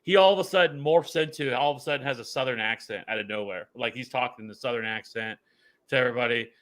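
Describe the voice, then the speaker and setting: Male co-host, bright tone, loose rambling delivery full of restarts. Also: mid-range voice, fast talker. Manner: rambling, many restarts and fillers. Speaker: fantasy football co-host. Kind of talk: casual podcast chat.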